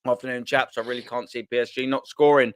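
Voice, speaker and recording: A man's voice: mid-range voice, flat delivery, fast talker, clean tone, no room sound. A man hosting a casual football chat on a video call, joking, swearing and repeating himself. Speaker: host.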